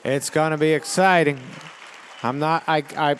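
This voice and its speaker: A middle-aged man talking casually as an interview guest, laid-back, laughing often, repeating words and slipping into quick impressions. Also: a little high, a bit bright, long reverb tail, a faint crowd, a little hiss or hum. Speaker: actor and comedian guest.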